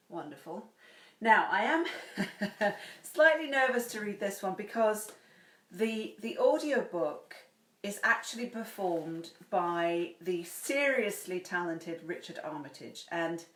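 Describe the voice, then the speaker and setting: Woman host, effusive and chatty, reading aloud in an echoey home room. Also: on the low side. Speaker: host reading a book's first chapter. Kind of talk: livestream chat and read-aloud. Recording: roomy echo.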